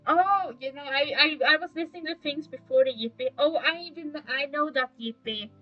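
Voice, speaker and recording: A woman's voice: high-pitched, normal speed, muffled recording. A young woman from Germany with a German accent, chatting casually and rambling to her chat while she plays. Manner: rambling, self-mocking, talks to chat. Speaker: streamer. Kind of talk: casual live-stream chat while gaming. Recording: streaming mic with faint game music behind.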